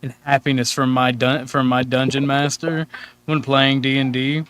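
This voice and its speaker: Bright, crisp-voiced man telling stories. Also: medium pitch, normal speed, dry recording. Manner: laughing, animated anecdote-telling. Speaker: panel guest. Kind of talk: casual chat.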